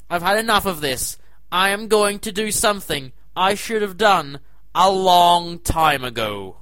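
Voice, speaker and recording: A man with a high, bright, sharp-edged voice rants with comic disbelief as host of his own segment. His voice is recorded dry and close, with no room sound around it. He keeps bursting into loud, incredulous protests. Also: expressive, measured pace, no room sound. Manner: exasperated, incredulous ranting with sudden loud outbursts. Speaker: comedy show host. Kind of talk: comic rant to camera.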